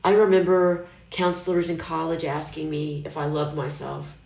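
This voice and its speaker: A middle-aged woman talks casually on a live stream, wandering from thought to thought in a low voice. She sounds chatty and self-reassuring. Her voice carries an echo from the room. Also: flat delivery, moderate pace, creaky, few pauses, a little mellow. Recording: echoey room.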